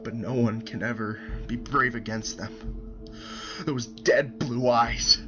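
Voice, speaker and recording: A man's voice: fairly low pitch, little pitch movement, a little slow, lo-fi sound, music in the background, natural voice. A man voicing a terrified young male soldier writing his diary in a creepypasta reading, stammering and dropping into whispers. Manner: stammering, panicked, breaking into whispers.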